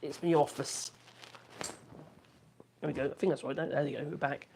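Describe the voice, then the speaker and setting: A man's voice: on the high side, fairly even intonation, moderate pace, vocal fry, a little mellow, slight background noise. A man chatting casually on a live stream from his home office, rambling and reacting to viewer comments. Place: home office room with wood burner.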